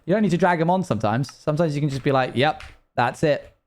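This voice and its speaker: A man's voice: on the high side, expressive, racing, darkish tone. A man live-streaming a game, chatting loosely to his viewers and rambling from one thought to the next. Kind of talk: casual live-stream chat while gaming.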